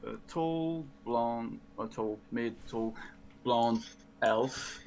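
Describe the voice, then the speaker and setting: A man's voice: mid-range voice, drawn-out words, darkish tone, slight background noise, poor audio. A man playing a tabletop game, hesitant and wry, slipping into his character's lines. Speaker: player.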